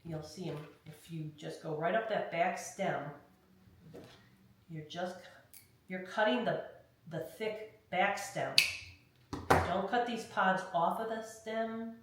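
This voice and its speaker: A woman's voice: on the low side, slow pace, pauses often. Woman teaching a craft in an echoey room. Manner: chatty, step-by-step, checks in with "okay?". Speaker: craft instructor. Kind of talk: hands-on craft tutorial. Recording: very echoey room, mic far off, faint noise.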